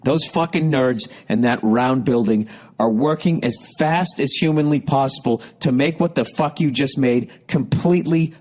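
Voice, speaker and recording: A man's voice: mid-range voice, darkish tone. A middle-aged man hosting a podcast, telling a profane, rambling comic story with exasperated rants. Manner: rambling, exasperated, heavy swearing, ranting with rising intensity. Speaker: podcast host.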